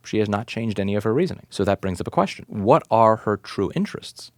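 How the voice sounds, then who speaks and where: Speaking fast with lively intonation in a lowish voice, a repair shop owner and advocate in his thirties delivers an indignant direct-to-camera rant. He piles on rhetorical questions, curses for emphasis, and repeats himself relentlessly. The studio-quality audio has no room sound.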